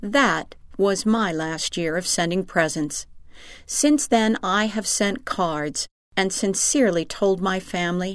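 A woman giving a measured, sincere scripted reading of letters. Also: mid-range voice, no echo, clean studio sound.

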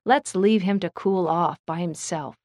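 A woman voicing a calm, fair-minded teenage boy in a storybook reading, speaking evenly. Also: lowish voice, a little slow, no room sound, close to an everyday voice. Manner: calm and even-tempered.

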